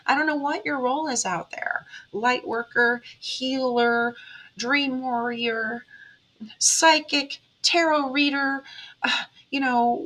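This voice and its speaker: A woman's voice: high-pitched, bright, forceful tone, poor audio. A woman, a tarot reader giving an earnest, emotional motivational monologue straight to her viewers. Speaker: tarot reader and spiritual vlogger.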